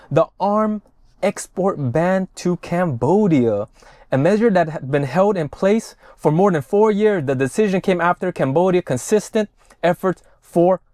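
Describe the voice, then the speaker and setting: A man's voice: fairly high pitch, darkish tone, no room sound, clean studio sound. A man giving profane, ranting reaction commentary on news clips. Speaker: political commentator.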